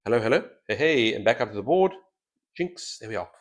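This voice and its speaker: A man's voice: medium pitch, sing-song, fairly quick, heavy background noise. Man thinking aloud through a board game. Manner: thinks aloud, weighing moves. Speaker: host playing a solo board game. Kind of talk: casual game commentary. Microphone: headset mic with a straw-like boom.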